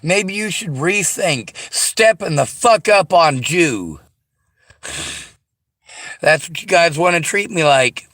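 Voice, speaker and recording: A man's voice: fairly high pitch, lively intonation, takes it slowly, long pauses, fairly bright tone, dry recording, studio quality. A man delivering a sarcastic, profanity-laced rant straight to his audience. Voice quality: sarcastic, combative. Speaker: vlogger. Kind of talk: angry profane rant to camera.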